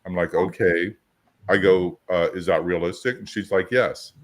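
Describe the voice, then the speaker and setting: His voice is deep and fairly even in intonation, moving at a moderate pace. As a business coach hosting a podcast, he chats loosely about coaching and plays out both sides of his anecdotes.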